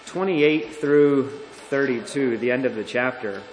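A man preaching a sermon as pastor, earnest and deliberate, often restarting his phrases. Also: mid-range voice. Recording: echoey hall.

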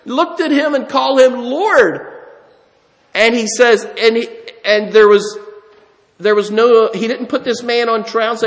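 High-voiced preacher in a reverberant hall. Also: male voice, expressive, unhurried. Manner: earnest, acts out quotes, rises in pitch when moved. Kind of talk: sermon.

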